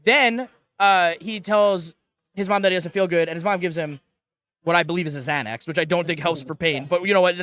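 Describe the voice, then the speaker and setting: A man's voice: high voice, a little fast. Man telling a comic travel story. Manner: animated, comic anecdote with quoted asides and laughter. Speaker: panel guest. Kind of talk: casual storytelling on a live panel show.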